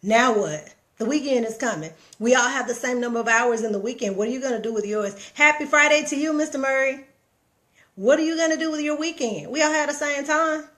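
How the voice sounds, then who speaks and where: A middle-aged woman hosts a live stream, talking into her phone in a high-pitched, brisk, fairly bright voice. Her casual motivational talk is preachy and emphatic, repeats itself, and is aimed straight at her viewers.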